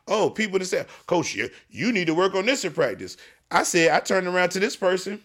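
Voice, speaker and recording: A man who hosts a podcast and coaches youth football, telling stories in casual chat, animated and profane. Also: high-pitched, a little fast.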